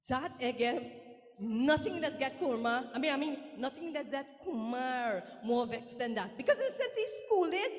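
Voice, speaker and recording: A woman's voice: high voice, sing-song, moderate pace. A woman acting as a boastful, nosy older village gossip in a stage comedy skit, chatty and rambling, with a Trinidadian accent. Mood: storytelling. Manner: chatty, rambling, dialect-heavy. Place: live stage in a hall. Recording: reverberant hall stage.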